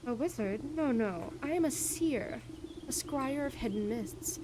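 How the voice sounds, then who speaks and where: A woman voicing a scheming male serpent fortune-teller in a game, speaking in a silky, drawn-out, theatrical way. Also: high-pitched, expressive, noisy background. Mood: grandiose.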